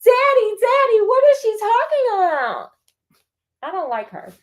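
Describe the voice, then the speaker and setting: A woman's voice: very high-pitched, wildly swooping pitch, unhurried, voice pushed up, full character voice. A woman voicing a frightened little girl who whines and pleads. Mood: scared. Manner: whiny, pleading. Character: frightened little girl clinging to her father.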